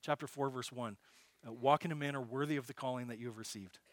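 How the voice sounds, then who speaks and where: A man preaching a sermon, moving between loud, emphatic repetition and quiet, slow teaching. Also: medium pitch, dry recording. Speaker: pastor.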